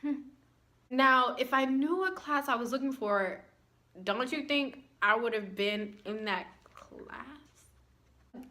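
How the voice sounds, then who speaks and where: Young woman vlogger with a bright, crisp voice, sarcastic storyteller who mimics people she quotes. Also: on the high side, a little slow. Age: young adult. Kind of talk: casual storytelling vlog.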